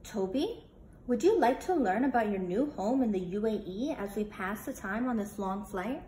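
A woman's voice: mid-range voice, expressive, moderate pace, dark tone, natural voice. Brief: proud wise male falcon, played by a woman, friendly guide, storybook, slight background noise. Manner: proud, reassuring. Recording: roomy with faint noise.

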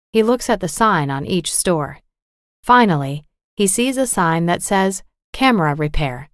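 A woman narrating a storybook for English learners with a clear, measured, carefully articulated reading. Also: fairly low pitch, dry recording, studio quality.

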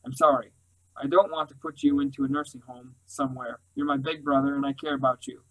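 A man's voice: mid-range voice, flat delivery, fairly quick, natural voice, low-quality recording. A man voicing a middle-aged uncle who pleads and insists, talking down as if to a child. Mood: pleading. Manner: wheedling, insistent.

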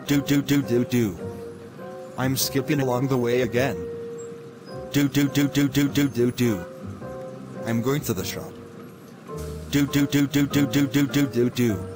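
A man voicing Hernandez, a cheerful man in an animated short who sings nonsense syllables as he skips along. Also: medium pitch, unhurried, long pauses, over music, close to an everyday voice. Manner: sing-song, carefree.

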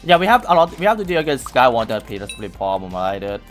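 Excitable young man taunting in a game. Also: mid-range voice, fast, soft background music. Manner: excitable, taunting opponents, non-native English. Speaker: gaming YouTuber. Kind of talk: live gameplay commentary.

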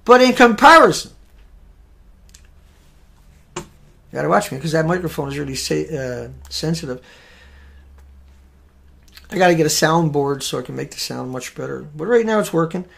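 A man hosting a live show, giving heated, emphatic commentary on news headlines with sudden loud bursts. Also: a little high, lively intonation, normal speed, vocal fry, long pauses.

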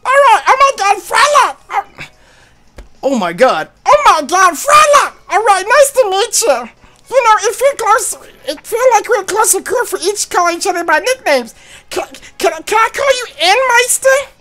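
A squeaky, dim cartoon boy. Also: very animated, measured pace, long pauses, full character voice. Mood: gushing.

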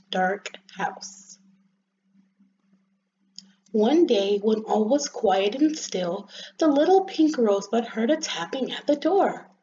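Lively woman reading a children's story. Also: fairly high pitch, a little hiss or hum. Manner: expressive, gentle storytelling. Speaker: storybook reader. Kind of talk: children's story read-aloud. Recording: slightly dull lo-fi recording.

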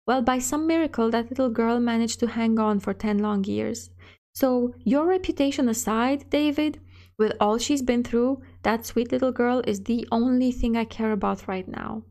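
A woman's voice: on the high side, moderate pace, close to an everyday voice. A woman voicing a kind, protective middle-aged wife who soothes her husband, in a story reading. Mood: soothing. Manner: soothing, gentle.

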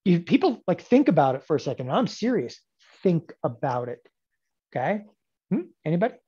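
A man in his forties teaching options trading in a lecture, emphatic and sarcastic, with animated bursts. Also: fairly high pitch, a little fast, slightly rough, muffled recording. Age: 40s.

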